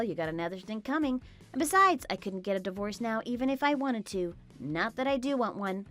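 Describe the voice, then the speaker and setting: A woman's voice: a little high, close to an everyday voice. A woman voicing a young daughter-in-law in a dramatized story, blunt and talking back. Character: young wife, worn down then defiant.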